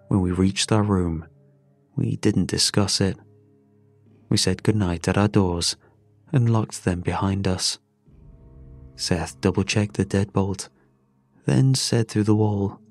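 A man giving a measured, somber first-person narration of a horror story. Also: on the low side, darkish tone.

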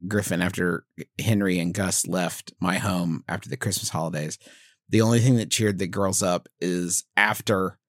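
A man in his thirties co-hosting a comedy podcast, talking in a loose, animated way with sudden jumps into silly high voices. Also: moderate pace, no room sound, studio quality. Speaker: podcast co-host. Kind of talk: casual comedic chat.

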